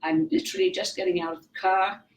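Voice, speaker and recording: Gravelly older Welsh woman telling stories. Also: mid-range voice, fast. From Wales. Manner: animated, acts out other people's lines. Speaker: psychic guest. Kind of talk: anecdotal interview storytelling. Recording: roomy, distant mic, faint noise.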